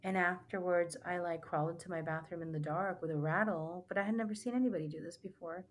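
A woman's voice: lowish voice, fairly even intonation, fast, a little hiss or hum. A young adult woman, a spiritual retreat guide, telling stories earnestly in a casual podcast talk with many fillers. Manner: earnest, rambling, filler-heavy storytelling.

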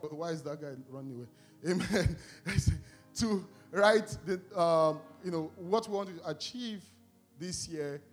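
A man preaching to a congregation, asking them questions and telling an animated personal story. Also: fairly high pitch.

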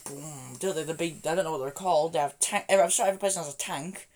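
A man, co-hosting a casual podcast chat, rambling, excitable and quick to laugh as he jumps between topics. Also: a little high. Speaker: podcast co-host.

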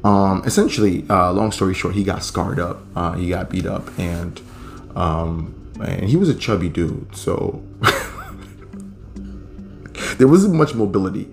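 A man's voice: deep voice, expressive, slow, gravelly, pauses often, faint music behind. A young man hosting a podcast, telling a story in a laid-back, profane, rambling way. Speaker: podcast host. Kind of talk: casual storytelling.

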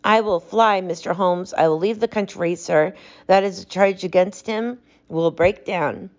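A woman's voice: lowish voice, measured pace, darkish tone, dull audio. A woman reading aloud, voicing a frightened male thief who pleads and confesses in desperation. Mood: pleading.

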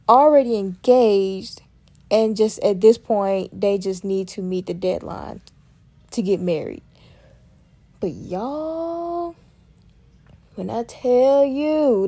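A woman hosting a casual solo podcast, talking in a chatty, lively way and addressing listeners as y'all. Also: a little high. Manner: chatty, lively, uses y'all and Southern phrasing. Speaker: podcast host.

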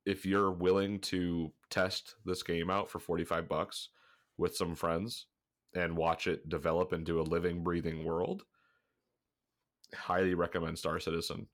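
A gaming podcast co-host with a low, somewhat bright voice keeps things casual. He's a bit congested, drifts off on tangents, swears freely, and laughs often.

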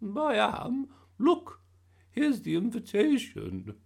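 A man's voice: huge pitch swings, slow, gravelly, a little mellow, breathy edge, heavily acted. Giddy old grandmother, as a man puts her on. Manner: high squealing voice, giggly.

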